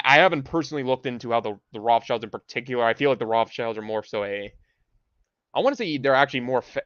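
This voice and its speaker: A man's voice: mid-range voice, fairly bright tone, clean tone, dry recording. Ranting man on a dull lo-fi stream. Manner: profane, ranting, full of restarts. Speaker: livestream host. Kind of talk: rambling livestream monologue. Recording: dull, dry lo-fi sound.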